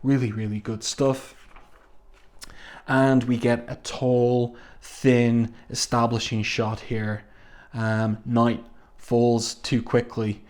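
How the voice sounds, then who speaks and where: A man casually reviewing a comic book, reading out the panels, pausing often and slowing down for admiring asides. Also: medium pitch, level tone, a little mellow. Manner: halting, with many ums and slow admiring asides.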